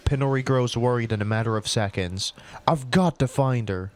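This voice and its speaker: A man's voice: mid-range voice, normal speed, dry recording. Man sarcastically reading his old story. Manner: sarcastic, cringing outbursts between flat reading. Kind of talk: comedic dramatic reading with commentary.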